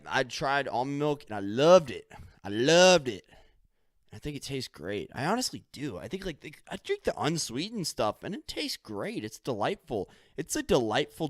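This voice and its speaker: A man's voice: mid-range voice, sing-song, brisk, no echo, clean studio sound. A man hosting a solo podcast, rambling loosely, swearing casually and making up stories as he goes. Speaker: podcast host.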